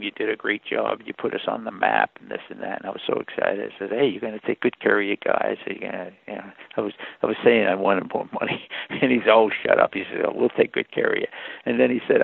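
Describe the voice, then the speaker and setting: Gravelly older man on a tinny line. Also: fairly low pitch, dry recording. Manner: animated anecdotes with laughter. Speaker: guest. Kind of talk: storytelling interview.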